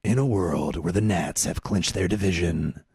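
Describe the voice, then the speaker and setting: A grand movie-trailer announcer rolls out each phrase slowly and deep. A man voices him as a joke on a sports podcast. The sound is dry and close. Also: creaky, darkish tone, breathy edge, no echo, heavily acted. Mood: dramatic. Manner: slow, dramatic, deep announcer delivery.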